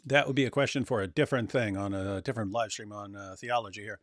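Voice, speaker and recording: A man's voice: fairly low pitch, fairly even intonation, quick pace, hardly any pauses, no echo, clean studio sound. A man co-hosting a livestream, chatting casually and joking while reading viewer comments aloud. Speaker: livestream co-host.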